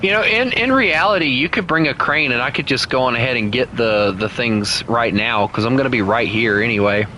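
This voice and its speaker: A man with a Southern US accent, streaming a game and chatting playfully with co-players, breaking into teasing and high shouts. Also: fairly quick, hardly any pauses, a little hiss or hum. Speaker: gaming streamer. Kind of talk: casual gameplay chat with co-players.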